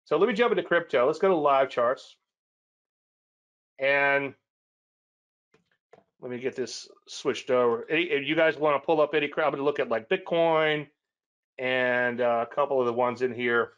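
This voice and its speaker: A man's voice: medium pitch, normal speed, pauses often, a bit bright, highs cut off. A man hosting a weekly trading show, chatting casually and rambling through charts with self-deprecating asides. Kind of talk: casual webinar chat.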